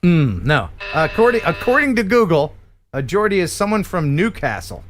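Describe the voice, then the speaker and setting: Lively American man hosting a quiz. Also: high voice, normal speed, faint music behind. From United States. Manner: lively, laughing quizmaster. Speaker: host. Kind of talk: live-stream quiz chat.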